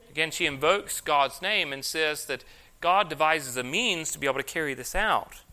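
Bright, clear-voiced male preacher. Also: fairly high pitch, normal speed. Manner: reads scripture aloud with emphasis, then explains it. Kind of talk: sermon, expository Bible teaching.

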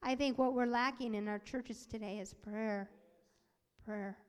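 A woman's voice: a little high, fairly even intonation, a little slow, smooth. A woman voicing a preacher's sermon and personal testimony, telling the story with animation, acting out the quoted voices and sometimes dropping to a whisper. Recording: long hall reverb.

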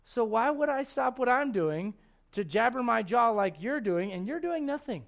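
Middle-aged guy preaching, high voice, acts out the quotes, laughs at his own jokes. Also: expressive, moderate pace, gravelly, a bit bright. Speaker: pastor. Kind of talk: sermon.

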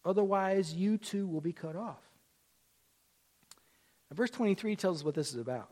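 High-voiced man in his forties preaching. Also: normal speed, pauses often, dark tone. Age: 40s. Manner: conversational preaching, repeats phrases, rises in emphasis. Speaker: pastor. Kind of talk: sermon.

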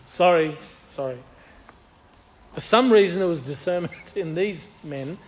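A man's voice: on the high side, a little slow, dull audio. A man preaching a sermon, reading scripture aloud and repeating key phrases with earnest emphasis.

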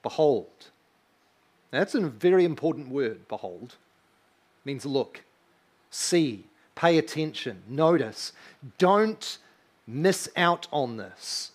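A man's voice: on the high side, expressive, slow pace. Earnest, emphatic man preaching a sermon. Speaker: pastor.

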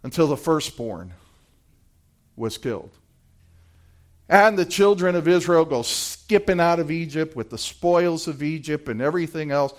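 A high-pitched male pastor delivering a sermon. He tells the scripture with drama, slipping into the voices of biblical figures and swinging between hushed and loud. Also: expressive, measured pace.

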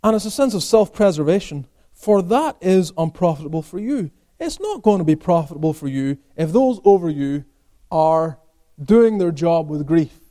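Speaking at a normal pace in a slightly high, expressive voice, a male pastor delivers a sermon. He raises rhetorical questions and answers them, shifting between emphatic high points and quiet asides.

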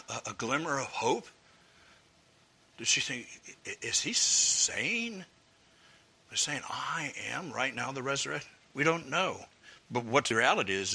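A man's voice: mid-range voice, pushed and bright. A man preaching an expository sermon, earnest and emphatic, building up through repeated phrases. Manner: earnest, emphatic, with swelling repetitions.

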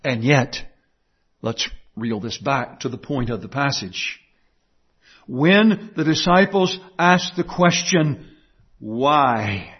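A man's voice: mid-range voice, slow, slightly rough, highs cut off. A man preaching a sermon, emphatic, repeating key phrases and asking the listeners rhetorical questions.

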